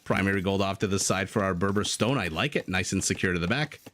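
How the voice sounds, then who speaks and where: A deep-voiced Canadian man talks fast and a bit bright while commentating a strategy game live. He's chatty and jokey with his viewers, stopping to respond to chat between plays, over slight background noise.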